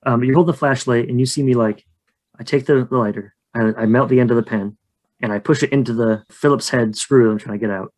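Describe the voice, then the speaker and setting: A man's voice: medium pitch, fairly even intonation, quick pace, a little mellow. Man, podcast co-host, tabletop role-play player, chatty, joking, rambling.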